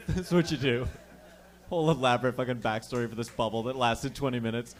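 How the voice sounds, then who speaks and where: A man's voice: mid-range voice, fairly even intonation, a little fast. Rambling, profane stand-up comic man. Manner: rambling, profane, self-mocking storytelling. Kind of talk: stand-up comedy set. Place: comedy club stage.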